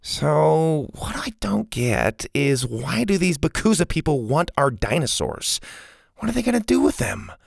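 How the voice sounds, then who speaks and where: A man voicing a worried, earnest boy at a jungle camp in a storybook reading, with a gravelly, husky voice. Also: on the high side, sing-song, measured pace, no room sound, clean studio sound, voice pushed up, exaggerated voice. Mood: puzzled. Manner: earnest, easily grossed out.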